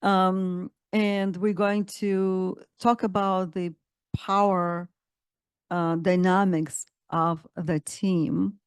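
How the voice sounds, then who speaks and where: A woman coaching instructor presenting a webinar with enthusiasm, often pausing with fillers and restarting phrases. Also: lowish voice, flat delivery, clean tone, no room sound.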